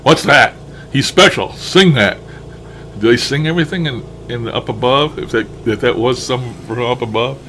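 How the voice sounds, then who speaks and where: A man talks loosely and thinks out loud, laughing to himself as he goes, with a mild curse here and there. His voice sits in a middling pitch, with a faint hiss of noise underneath. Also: normal speed. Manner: chuckling, musing, mildly profane. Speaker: paranormal enthusiast reviewing his recordings. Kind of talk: casual commentary over playback.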